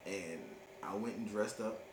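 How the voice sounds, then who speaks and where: A man's voice: fairly low pitch, measured pace. A man co-hosting a casual couples podcast, joking and laughing with his partner and slipping into playful bits. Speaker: podcast co-host. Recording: echoey room with noise.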